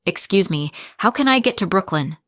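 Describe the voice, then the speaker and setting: A woman voicing a polite, confused young male tourist from Brazil in a slow, clear storybook reading for learners. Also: medium pitch, expressive, fairly bright tone, dry recording, studio quality, close to an everyday voice. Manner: polite, hesitant, simple clear phrasing.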